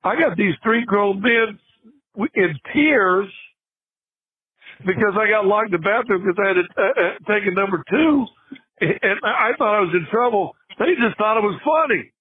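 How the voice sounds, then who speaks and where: An older man tells a long, laughing story in a slightly high, husky voice. He restarts often as he talks. His voice comes through a thin, tinny phone line. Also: lively intonation, normal speed, no echo. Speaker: podcast guest, former basketball player. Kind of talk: casual storytelling.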